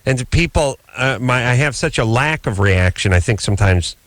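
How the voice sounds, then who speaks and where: A man co-hosting a late-night call-in radio show, telling stories in a dry, deadpan way on a studio microphone. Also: a little fast, dry recording. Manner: dry, deadpan storytelling with lively swings in pitch. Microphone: studio broadcast microphone.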